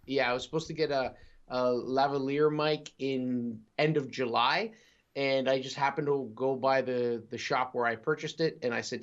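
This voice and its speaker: An easygoing man chatting on a gaming podcast, with a middle-of-the-road pitch. He rambles through his asides and chuckles often. The audio is dull and lo-fi. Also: fairly even intonation, normal speed. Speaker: podcast co-host. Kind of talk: casual podcast chat.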